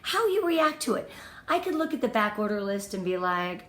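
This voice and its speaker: A woman's voice: mid-range voice, big pitch swings, normal speed, fairly bright tone, reverberant. A woman leading a motivational training talk for her sales team, enthusiastic and emphatic, counting off tips and repeating her key points. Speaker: direct sales team leader.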